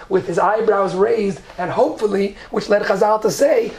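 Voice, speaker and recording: A woman's voice: medium pitch, normal speed, few pauses, a little mellow. A woman teaching a Torah lesson, reading Hebrew verses and explaining them in English. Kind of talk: lecture on Genesis text.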